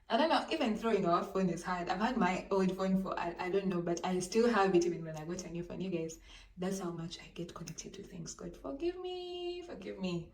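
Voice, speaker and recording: A woman telling a dramatic storytime vlog to her viewers, talking into a handheld phone in a lively, animated way. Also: lowish voice, normal speed, recorded from a distance. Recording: roomy echo, voice off-mic, faint background noise.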